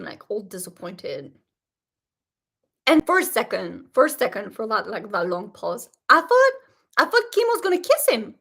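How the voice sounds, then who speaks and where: A woman hosting a casual reaction vlog, talking straight to her viewers in an animated, indignant way. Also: on the high side, breathy edge. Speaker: show reaction host.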